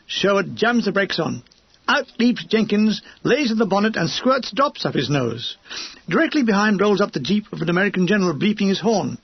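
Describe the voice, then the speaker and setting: A man narrates an audiobook of a war memoir in a dry, wry manner, with a slightly husky voice that sits fairly high. The recording is dry and somewhat dull in tone. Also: big pitch swings, a little fast, no echo.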